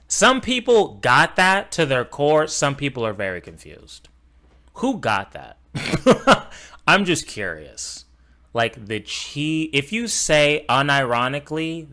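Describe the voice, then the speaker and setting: A man's voice: medium pitch, bright, forceful tone. A man from Los Angeles reacting to videos on stream, blunt and mocking, swearing freely. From Los Angeles, USA. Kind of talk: casual reaction commentary.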